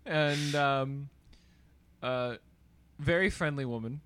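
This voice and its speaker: A young man co-hosting a podcast, telling a rambling story in a laid-back way with deadpan asides. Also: mid-range voice, takes it slowly, heavy background noise. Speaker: podcast co-host. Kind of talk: casual storytelling.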